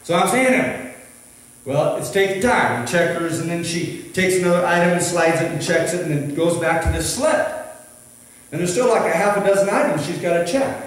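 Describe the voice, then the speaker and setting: A middle-aged pastor with a high voice tells a personal story in a sermon, animated and rambling, restarting his sentences. He sounds far from the mic in a very echoey hall. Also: fairly quick.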